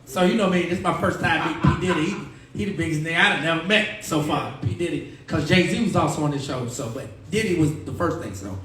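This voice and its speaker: A man who is a radio personality, telling lively, slang-heavy stories as a podcast guest. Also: a little high, fast, a little hiss or hum. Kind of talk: animated storytelling. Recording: echoey room, distant mic.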